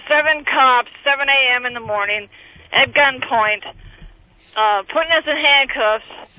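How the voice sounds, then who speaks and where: A woman rants down a tinny phone line in a very high voice. She swears constantly and jumps from grievance to grievance. She sounds agitated and high on drugs. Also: unhurried. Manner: profane, agitated, rambling. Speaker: caller. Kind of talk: angry phone-in rant.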